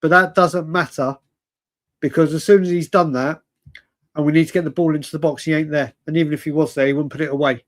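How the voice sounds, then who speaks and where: Brief: man, fan stream host, late night and tired, chatty ranting, stammers, voice sits a bit high. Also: steady tone, fast.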